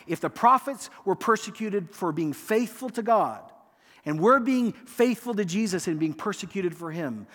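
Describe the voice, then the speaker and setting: A man preaching a sermon as pastor, acting out quoted lines with emphasis and letting phrase ends fall quiet. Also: sits high. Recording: long hall reverb.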